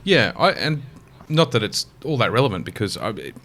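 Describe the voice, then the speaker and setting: A man's voice: on the low side, big pitch swings, fairly quick, a bit bright, a little hiss or hum. A man with an Australian accent co-hosting a podcast, rambling enthusiastically and swearing casually as he chats. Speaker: podcast co-host. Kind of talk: casual chat.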